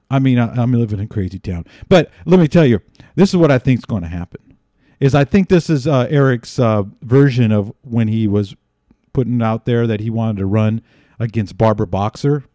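A man's voice: mid-range voice, warm tone, dry recording, clean studio sound. A man hosting a podcast, giving sarcastic political commentary and rambling with frequent restarts. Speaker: podcast host.

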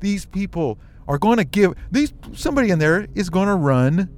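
A slightly higher-voiced American man hosting his own show and telling a heartfelt personal story. He is animated and emotional, and he breaks off into quick, wry asides. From United States.

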